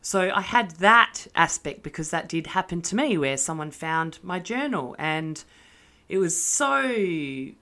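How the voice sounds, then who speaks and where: A woman in her thirties talks to her listeners in a candid, self-mocking way, swearing freely. Her voice sits a little low for a woman. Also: lively intonation, measured pace, sharp tone. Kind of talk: casual monologue.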